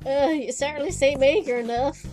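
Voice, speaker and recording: A woman's voice: sits high, steady tone, a little fast, darkish tone, faint music behind, close to an everyday voice. Woman doing a drawling hillbilly bird teacher. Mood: stern. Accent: put-on hillbilly drawl. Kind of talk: reading game dialogue aloud.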